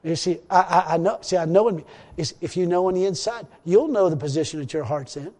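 A man's voice: sits high, fast, a little mellow, in a large hall. A man preaching a rambling, repetitive sermon in a church, full of hallelujahs. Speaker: pastor.

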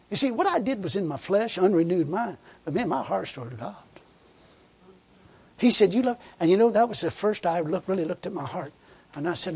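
A man's voice: high-pitched, lively intonation, moderate pace, a little mellow, breathy edge. A man preaching a sermon in a fervent, conversational way, repeating words and laughing as he tells a story.

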